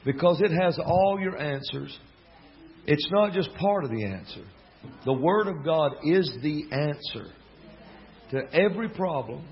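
A man's voice: a little high, lively intonation, unhurried, lo-fi sound. Drawling Southern man telling folksy stories. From Alabama. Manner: joking, drawling, storytelling with asides. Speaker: gospel singer and preacher. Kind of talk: folksy storytelling sermon.

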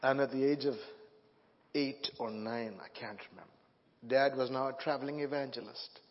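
A middle-aged man preaching a sermon as guest preacher, telling a personal story with emotion and building to loud proclamations, on a church microphone. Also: mid-range voice, fairly even intonation, moderate pace. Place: church sanctuary. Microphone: handheld or stand microphone. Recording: dull sound with long hall reverb.

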